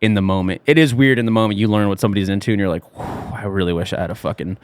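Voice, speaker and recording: A man's voice: on the low side, very fast, clean tone, no echo. A man hosting a podcast, chatting crudely and laughing as he acts out quoted lines. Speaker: podcast host. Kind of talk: crude casual chat.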